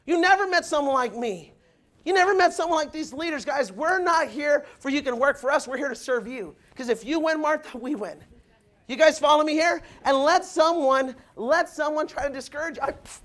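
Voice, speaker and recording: A man giving a loud, punchy motivational speech to new recruits, asking the crowd if they follow him, with the audience answering back. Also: very high-pitched, brisk. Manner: acts out quoted people in changed voices. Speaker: motivational speaker at recruit orientation. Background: audience responding.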